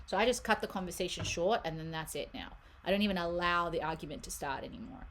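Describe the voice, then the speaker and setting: A lower-pitched woman talking through a tarot reading in a loose, conversational way. She is animated and laughs easily, and she stumbles and restarts as she goes. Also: quick pace, hardly any pauses. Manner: chatty and animated, laughing, many fillers and self-corrections. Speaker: tarot card reader. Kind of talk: casual live reading for a viewer.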